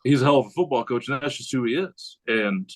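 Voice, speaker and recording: A man who is a high school head football coach, talking casually on a podcast in a rambling way and acting out what he says to players. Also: a little fast, rough recording. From United States. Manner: rambling, animated, acts out quotes of himself.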